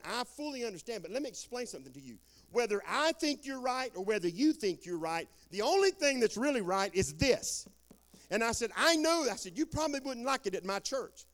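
A man preaching a sermon in a folksy storytelling way, joking with the congregation and dropping into quiet asides. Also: extremely high pitch. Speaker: guest preacher.

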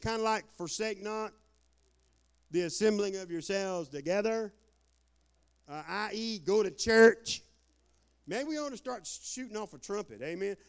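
Pastor, male; folksy, energetic preacher, voice pitched high and full of swings. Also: measured pace, long pauses, clean tone. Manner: animated, whooping and shouting, folksy preaching. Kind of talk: lively sermon.

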